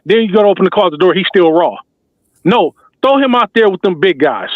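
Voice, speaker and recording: A male talk show host in full fan mode, rallying the listeners with emphatic, repetitive slang. His voice sits high for a man and comes through narrow and phone-like. The sound is dry and close, with no room around it. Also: expressive, fast talker, dry recording. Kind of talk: passionate fan commentary.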